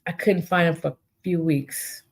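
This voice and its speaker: A woman's voice: on the low side, steady tone, normal speed, slightly rough. A woman hosting her own podcast alone, talking earnestly and pleading with her listeners, often repeating her pleas. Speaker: podcast host. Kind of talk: heartfelt solo podcast talk.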